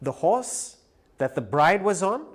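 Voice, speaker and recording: A man giving a live lecture who tells a story with animated delivery. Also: sits high, slow. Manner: animated storyteller, acts out quoted voices. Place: lecture hall.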